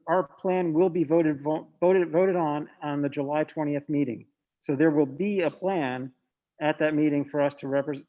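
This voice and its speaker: Board chair, man, slightly high voice, businesslike, muffled call audio. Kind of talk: chairing an online meeting.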